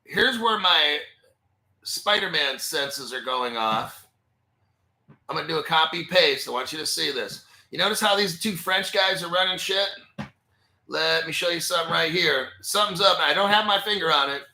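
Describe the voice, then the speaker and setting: A man's voice: fairly high pitch, moderate pace, creaky, bright, forceful tone. A man hosting a crypto channel, rambling in a profane, conspiratorial way and talking back to himself while sharing his screen. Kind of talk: rambling screen-share commentary. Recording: echoey room.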